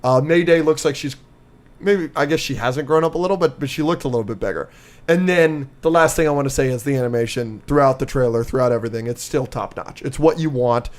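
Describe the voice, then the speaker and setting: A man co-hosting a podcast, recapping with excitement and lots of fillers in casual chat. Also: medium pitch, quick pace. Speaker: podcast co-host.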